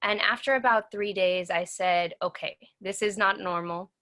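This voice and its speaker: A woman in her thirties with a bright, clear voice speaks as an interview guest. She tells her story in an earnest way. She acts out the lines other people said to her. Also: mid-range voice, normal speed.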